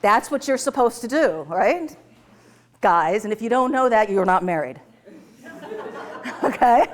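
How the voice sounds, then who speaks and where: Animated woman telling client stories to a class. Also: a little high, a little slow, pauses often. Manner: animated, acts out client dialogue in character voices, laughs often. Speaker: tapping practitioner and teacher. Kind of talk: storytelling to a live class.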